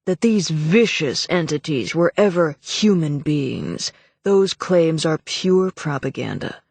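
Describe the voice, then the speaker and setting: A woman voicing a pompous, indignant older male politician who speaks slowly and heavily. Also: low-pitched, expressive, darkish tone, dry recording, exaggerated voice. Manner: heavy, slow, indignant.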